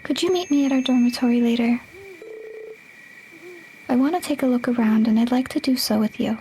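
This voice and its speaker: A polite young witch with a high, soft voice and a dark, mellow tone, as a woman acts her out while reading game dialogue. She speaks gently and courteously, often dropping near a whisper. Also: fairly quick, slight background noise, close to an everyday voice, low-quality recording. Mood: gentle.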